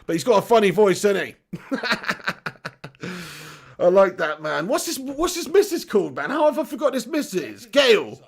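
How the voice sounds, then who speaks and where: Chatty lad with gravelly high voice. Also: male voice, very animated, brisk, few pauses. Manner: chatty, laughs often, swears casually, says mate a lot. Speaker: football channel host reading live chat. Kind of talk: casual live-stream chat.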